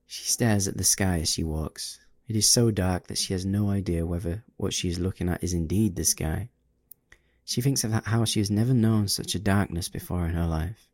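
Man, story narration, dark husky voice, gravelly, dry close sound. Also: low voice, dry recording. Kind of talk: audiobook story reading.

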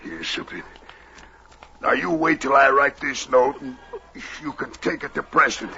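An actor playing a big, gruff but shy male trapper who bellows when angry and turns gentle with his dog, in 1940s radio acting. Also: medium pitch, animated, normal speed, a little hiss or hum. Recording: dull old radio broadcast.

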